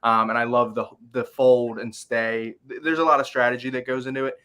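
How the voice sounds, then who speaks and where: A man's voice: medium pitch, fairly even intonation, fairly quick, fairly bright tone, clear, resonant tone. A man co-hosting a casual fan recap chat, rambling with lots of fillers and restarts. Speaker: podcast co-host.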